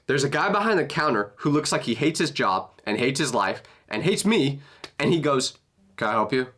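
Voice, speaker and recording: A young man in his twenties narrating a comedic storytime in an animated, self-mocking way. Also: mid-range voice.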